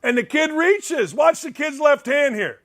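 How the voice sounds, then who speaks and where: Show host, male, with a high-set voice; blunt and wisecracking as he reacts to clips, given to shouted disbelief. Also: expressive, a little slow, slight background noise. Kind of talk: casual reaction commentary on viral clips.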